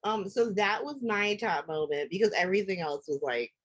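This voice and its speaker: Woman, guest host, mid pitch, animated, loose casual talk. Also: normal speed. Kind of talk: casual chat.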